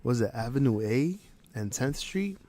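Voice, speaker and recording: A man's voice: medium pitch, expressive, normal speed, warm tone. A man with a New York accent chatting casually on a livestream, laid-back, laughing and swearing often. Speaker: livestream host.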